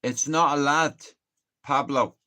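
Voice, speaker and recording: Irish lad on a live stream, laid-back and slow-talking, curses freely, chats to viewers like mates. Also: male voice, on the high side, steady tone, sharp tone. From Ireland. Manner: sweary, rambling storytelling, laughs at own tales. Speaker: livestreamer. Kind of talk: casual live-stream chat.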